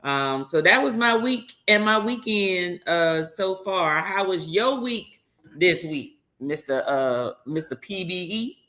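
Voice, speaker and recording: A woman, co-hosting a casual live-stream chat, talking in a relaxed, chatty way with plenty of fillers. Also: fairly low pitch, slow pace. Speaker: co-host.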